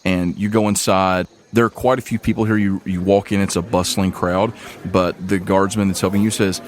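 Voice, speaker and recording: A man's voice: low-pitched, level tone, moderate pace. A man narrating as game master of a tabletop game, casual and easygoing with frequent uhs and laughs. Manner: casual, laughs between lines, lots of uh.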